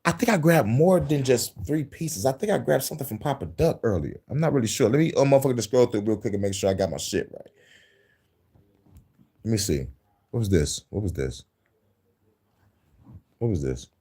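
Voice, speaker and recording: A man's voice: mid-range voice, lively intonation, brisk, long pauses, a little mellow, husky. A man hosting a casual news-commentary livestream, profane and heated, laughing often between angry riffs.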